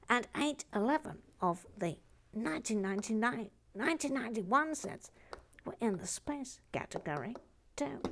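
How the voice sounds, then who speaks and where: A woman's voice: fairly high pitch, creaky, fairly bright tone. A woman co-hosting a LEGO stream, reading out trivia in a dry, matter-of-fact way with wry asides. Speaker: co-host sharing LEGO trivia. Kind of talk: casual chat with read-out facts.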